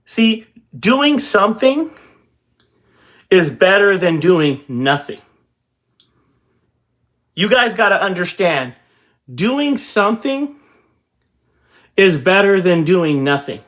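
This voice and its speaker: High-voiced man giving an emphatic pep talk. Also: lively intonation, slow pace, long pauses, a bit bright. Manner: repetitive, emphatic, addresses viewers directly. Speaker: real estate channel host. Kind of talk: motivational talk to camera.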